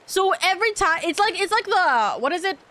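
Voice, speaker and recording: Young woman, high voice, rambling casual stream chat, playful, swears a lot. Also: expressive, brisk, pushed and bright.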